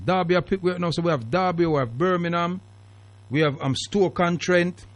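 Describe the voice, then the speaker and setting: Speaking with a high voice at a moderate pace, a man hosts a call-in radio show from the studio in an emphatic, sermon-like manner. His British accent carries a strong Jamaican Patois influence, and the sound has no echo.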